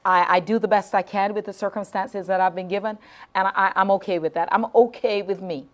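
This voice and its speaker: A woman's voice: medium pitch, fairly even intonation, fairly quick. A middle-aged woman hosting a live late-night talk show, heartfelt and emotional, repeating phrases and stumbling over her words as she talks to viewers.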